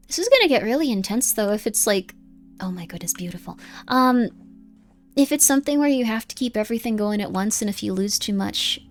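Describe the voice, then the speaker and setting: A woman streamer giving rambling, chatty commentary on a live game and reading its text aloud. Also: fairly high pitch.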